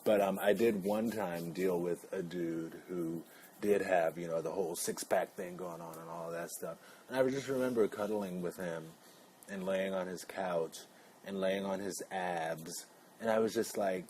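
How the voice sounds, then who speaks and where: A man's voice: sits low, unhurried, a little mellow, a little hiss or hum. A man vlogging in a casual, rambling way, full of playful asides. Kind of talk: casual chat.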